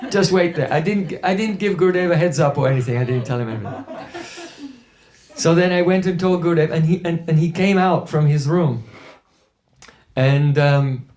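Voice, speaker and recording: Mellow man telling a story in a sermon. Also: fairly high pitch, moderate pace. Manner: anecdotal, with quoted voices and rhetorical "hmm?" asides. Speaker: spiritual teacher.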